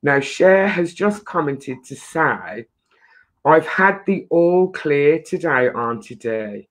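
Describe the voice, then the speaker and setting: A woman's voice: low-pitched, expressive, slow. Chatty English woman hosting a live stream. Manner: chatty, emotional, swears lightly. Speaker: host. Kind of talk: casual live-stream chat.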